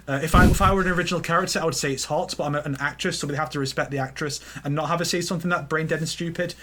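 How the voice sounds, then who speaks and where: Male podcast co-host, bright and somewhat high voice, rambling and playful, faint hiss behind. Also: fairly even intonation, rapid-fire, few pauses. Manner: rambling, acts out silly movie scenes in goofy voices. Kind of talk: casual gaming podcast chat.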